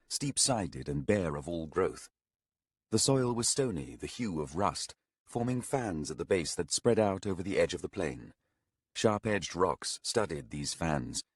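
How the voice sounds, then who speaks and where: Male audiobook narrator, slow measured read, slightly husky, dry close recording. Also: deep voice, no room sound. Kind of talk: scripted narration.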